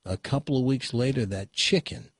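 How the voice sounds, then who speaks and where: A man's voice: mid-range voice, moderate pace, husky, dry recording, studio quality. A man hosting a radio talk show, telling a long joke in a chatty way with stammered restarts. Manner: chatty, stammering restarts, laughs at own punchlines.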